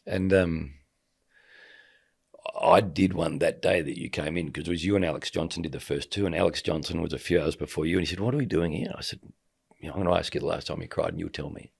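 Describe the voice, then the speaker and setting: Gravelly low-voiced man telling a story. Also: quick pace, a little mellow. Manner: vivid storyteller who acts out quoted dialogue. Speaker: podcast guest, sports commentator. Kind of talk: casual storytelling conversation.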